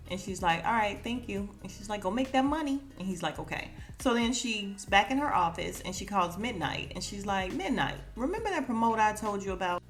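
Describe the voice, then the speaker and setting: A woman hosting a podcast, recapping an episode in a casual, chatty way, laughing and acting out the characters' lines. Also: medium pitch. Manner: chatty, laughs often, acts out quotes. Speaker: podcast host.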